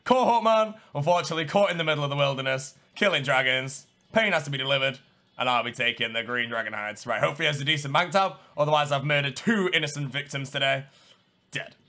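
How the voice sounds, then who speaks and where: A young man giving excitable live gameplay commentary, swinging between low muttering and loud yelling. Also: fast. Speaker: gaming streamer.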